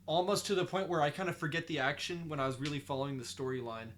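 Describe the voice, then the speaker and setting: A man's voice: fairly high pitch, steady tone, fast, fairly bright tone, a little hiss or hum. A young man in casual podcast chat, rambling and profane, with lots of fillers. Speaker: podcast co-host.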